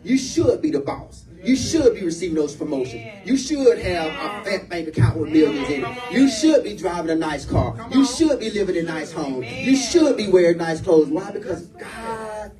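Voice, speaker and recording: A man, a senior pastor, preaching a sermon in a church, repeating phrases and building up to shouts. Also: high-pitched, sing-song, moderate pace, few pauses, far from the mic, music in the background, rough recording.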